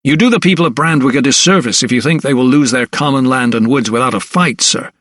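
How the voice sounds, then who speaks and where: A young doctor with a quick temper, voiced by a male narrator, presses his questions in heated, indignant bursts. The voice stays middle-pitched and dry, close to the mic. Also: a bit bright, no room sound, lightly acted.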